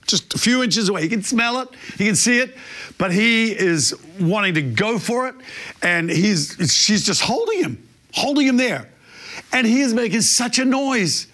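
A man preaching a sermon, telling a story in a lively, animated way. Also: high voice. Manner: animated storyteller, imitates barking dog. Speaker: pastor.

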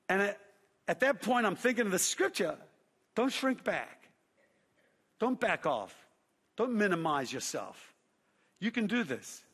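A man's voice: high-pitched, normal speed, long pauses, breathy edge. Aussie pastor guy, middle-aged, preaching w lots of story, voice rings around a big hall. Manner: animated storyteller, acts out shouts and quotes. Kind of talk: sermon with storytelling. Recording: long hall reverb.

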